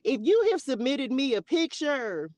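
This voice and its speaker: A woman's voice: high-pitched, very animated, a little slow, darkish tone, no echo. A woman hosting a spiritual live stream, chatting casually and playfully with her viewers in a loose, slangy way.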